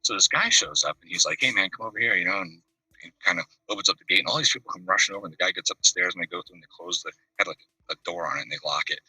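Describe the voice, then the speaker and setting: A man's voice: low voice, racing, sharp tone, slightly rough, dry recording. A man calling in to a video chat show, telling a rambling story and acting out the voices of the people in it. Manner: rambling anecdotes, acts out the voices of the people in them. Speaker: caller. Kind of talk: casual storytelling. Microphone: video call. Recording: distant mic on a video call.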